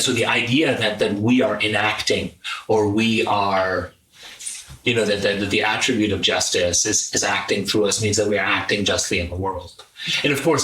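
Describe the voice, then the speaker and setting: A man with a fairly low voice speaks as an interview guest, explaining his ideas earnestly and thinking aloud as he tells a story. He sits some way off the mic in an echoey room. A faint noise runs underneath. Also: bright, forceful tone, far from the mic. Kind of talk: reflective conversational explanation.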